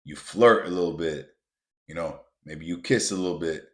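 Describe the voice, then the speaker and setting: A man with a very low, deep voice hosts a motivational podcast. He talks to his listeners bluntly and emphatically, swearing freely as he lays out his advice. He addresses them directly and often calls them "guys.". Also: normal speed, fairly bright tone. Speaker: podcast host.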